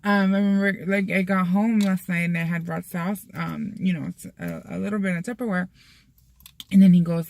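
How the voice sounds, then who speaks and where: A woman's voice: fairly low pitch, moderate pace, gravelly, no room sound. A young woman chatting casually to camera, full of fillers, slipping in Spanish phrases, from a Mexican-American family. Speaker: vlogger.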